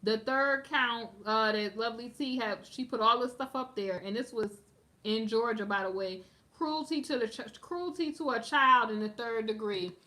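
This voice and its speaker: A woman's voice: fairly high pitch, normal speed, sharp tone. A woman giving sassy, emphatic gossip commentary on a live stream, talking straight to her viewers in a slangy, casual way.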